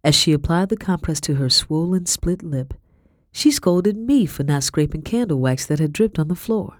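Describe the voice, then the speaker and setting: A woman's voice: sits low, dry recording. Woman reading an audiobook, dry close sound. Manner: measured, expressive reading. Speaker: audiobook narrator. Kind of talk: scripted narration.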